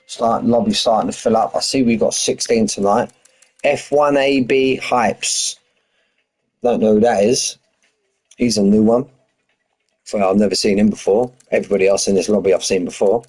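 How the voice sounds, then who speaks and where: Husky London man chatting on a stream. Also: lowish voice, fairly even intonation, normal speed, darkish tone, rough recording. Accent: London English. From London, England. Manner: chatty, says "mate" constantly, reads out lap times and answers chat. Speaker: racing game league streamer. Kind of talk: casual live-stream chat. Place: home in Spain.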